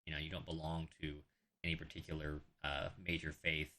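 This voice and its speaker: Low, bright-voiced man running a tabletop game. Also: flat delivery, fairly quick. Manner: conversational, restarts while explaining rules. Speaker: game master.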